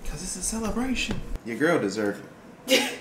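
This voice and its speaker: A man's voice: sits high, wildly swooping pitch, normal speed, echoey room, background noise. A man chatting casually for his wife's vlog, laid-back and joking with slang. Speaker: vlogger's husband. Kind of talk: casual chat.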